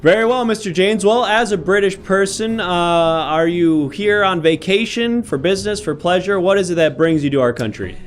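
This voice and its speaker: A man hosting an improv comedy livestream as a mock-formal judge, thanking viewers and questioning defendants, with a somewhat high voice over soft music. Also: normal speed, hardly any pauses. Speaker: host playing a judge.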